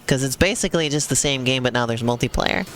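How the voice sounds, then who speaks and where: A woman's voice: very deep voice, fast talker, slight background noise. A woman chatting casually while streaming a video game, full of fillers and laughs. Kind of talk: casual chat while gaming. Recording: live stream with game music behind.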